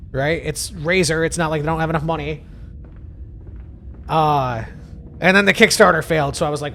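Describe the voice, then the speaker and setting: Man, gaming commentary, profane, high voice, gravelly. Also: a little fast, pauses often, a little hiss or hum. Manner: ranting, profane, animated. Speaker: gaming YouTuber. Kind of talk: casual gameplay commentary.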